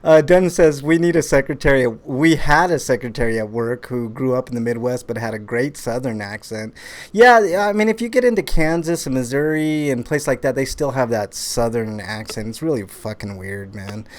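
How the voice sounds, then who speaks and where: A man's voice: medium pitch, moderate pace. Laid-back man hosting a podcast. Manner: laid-back, swears, says "man" often. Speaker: podcast host. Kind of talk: casual podcast chat.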